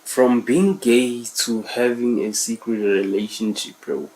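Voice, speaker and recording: A man's voice: mid-range voice, fairly even intonation, takes it slowly, darkish tone, low-quality recording. A man streaming live reactions to video clips, exclaiming a lot and repeating himself. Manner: exclaims a lot, repeats words, calls everyone bro. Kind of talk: casual live reaction commentary.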